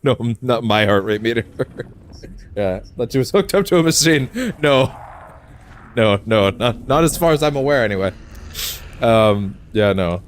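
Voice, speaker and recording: A man's voice: medium pitch, expressive, measured pace, pauses often, slight background noise. A man streaming a game, rambling casually, swearing and laughing often as he plays. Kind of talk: casual let's-play commentary.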